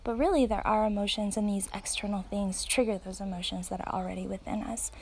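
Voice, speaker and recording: A thirty-something woman reflects out loud while standing outside. She talks in an earnest, thoughtful way, pausing on fillers and restarting her sentences. Her voice sits at a middle pitch with a gravelly, creaky texture. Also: steady tone, a little hiss or hum. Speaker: parent sharing reflections. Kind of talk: casual spoken reflection. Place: outdoors.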